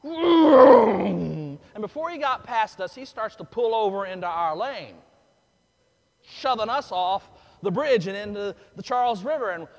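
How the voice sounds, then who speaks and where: A male pastor delivering a sermon in a fairly high voice, dropping to a hush for earnest points and rising loudly when a story heats up. His voice rings with a long reverb tail from a large church. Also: expressive, a little slow. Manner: storytelling with big swings from hushed to loud.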